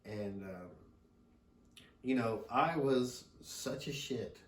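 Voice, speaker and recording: With a mid-range voice, a middle-aged man who is a father slowly works through a rambling podcast story. Laughter and swearing come often, heard through the roomy sound of a distant mic.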